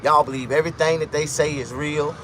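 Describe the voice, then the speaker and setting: A man's voice: fairly high pitch, fairly even intonation, a little fast, background noise. A man delivering a blunt, profane, casual monologue rant as a vlogger, telling stories along the way.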